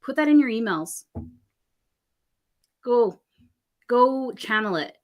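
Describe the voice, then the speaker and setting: A woman telling stories in a relaxed podcast conversation, acting out what people said and laughing often. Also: on the high side, slow. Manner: animated, acts out quoted dialogue, laughs often. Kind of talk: casual conversational storytelling.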